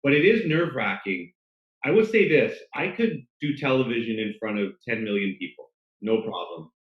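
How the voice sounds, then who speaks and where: A man's voice: medium pitch, normal speed, echoey room, highs cut off. A middle-aged man, a sports broadcaster, telling self-deprecating stories in a casual interview. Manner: storytelling, self-deprecating, animated.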